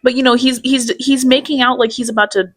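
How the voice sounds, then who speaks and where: A woman's voice: sits high, steady tone, fairly quick, a bit bright, no room sound. A woman hosting a commentary channel, speaking in a blunt, critical, casual way. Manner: blunt, critical, talks ahead of herself.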